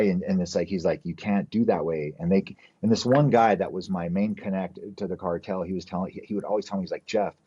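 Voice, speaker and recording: A man's voice: sits low, slightly rough. A man from New Mexico, a podcast guest, telling a long story in a casual, rambling way with plenty of swearing and fillers, acting out the people he quotes. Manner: rambling, profane, fills with "like" and "you know". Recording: slightly dull, muffled podcast audio.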